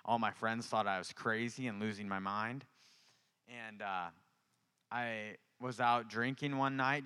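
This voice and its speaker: A young man from Louisiana preaches his testimony with passion, his clear, resonant voice swelling into loud cries and sinking to hushed whispered prayers. His tone is bright and forceful, sitting a little low. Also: a little slow. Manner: impassioned, swings between loud outbursts and whispered prayers. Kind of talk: testimony sermon.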